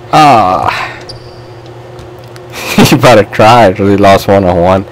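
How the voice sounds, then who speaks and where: A man muttering his way through a basketball video game, his deep voice low and subdued, slipping into half-mumbled trash talk, with a faint hiss behind him. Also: expressive, slow pace, pauses often. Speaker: gamer. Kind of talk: casual gameplay commentary.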